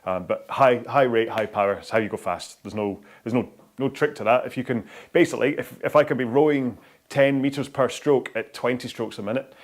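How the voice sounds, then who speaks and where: A man hosts a live rowing session from his indoor setup. His voice carries a gravelly, creaky edge at an ordinary middle pitch. He rambles casually, stumbling over fillers and restarting his sentences as he goes. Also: brisk. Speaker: rowing workout host. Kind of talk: live-stream workout chat.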